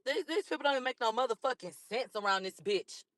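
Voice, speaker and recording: Woman, hoarse, high voice, combative profane livestream rant, dry sound. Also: animated, quick pace, fairly bright tone, dry recording. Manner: profane, combative, repeats herself. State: hoarse from a cold. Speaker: livestream host.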